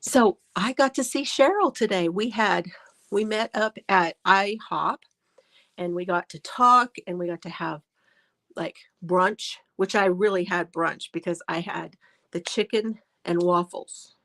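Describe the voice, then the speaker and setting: A woman drawls along at an easy, unhurried pace as she hosts a casual crafting livestream. She chats and laughs often, greeting each viewer by name. Her voice is picked up on a phone mic. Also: mid-range voice, a bit bright. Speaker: crochet livestream host.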